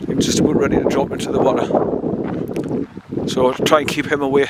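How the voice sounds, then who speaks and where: A man's voice: medium pitch, level tone, fairly quick. A man talking casually while walking his dog on a woodland trail, chatty and rambling, with a coaxing voice for the dog. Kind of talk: casual walk-and-talk narration. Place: outdoors on a woodland trail by a stream. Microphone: handheld camera mic. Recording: loud wind noise on the mic.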